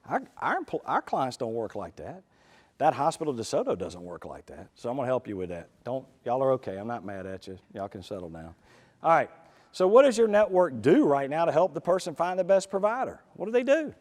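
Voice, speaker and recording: A man speaks at a live conference, folksy and animated, often turning to the audience with quick asides. His voice sits at an ordinary middle pitch. A long hall reverb trails behind his words. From United States.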